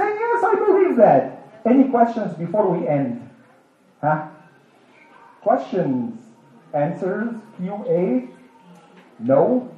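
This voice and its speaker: A man delivers an interactive sermon, throwing questions at the room and answering them himself. His voice is high and leaps up and down in pitch. He sounds distant and muffled, with heavy echo from a large hall. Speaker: preacher. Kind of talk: interactive sermon to a live audience. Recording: echoey hall, distant dull mic.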